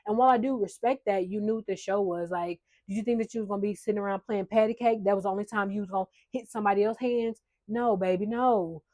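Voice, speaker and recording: A woman's voice: medium pitch, steady tone, quick pace, few pauses, a little mellow, no echo. A woman giving a casual reality-show recap, chatty, blunt and sarcastic, swearing freely. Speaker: recap vlogger.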